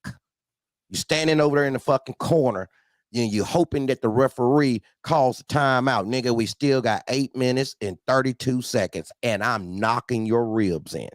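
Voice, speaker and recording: A man with a mid-range voice hosts a casual trucking talk show, speaking at normal speed in a dry, clean studio recording. He's blunt and animated, uses street slang, and laughs often.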